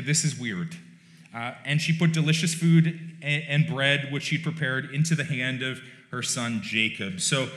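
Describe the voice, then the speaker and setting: A male pastor preaching a sermon in a relaxed, conversational way, with wry joking asides. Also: mid-range voice. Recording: roomy church echo.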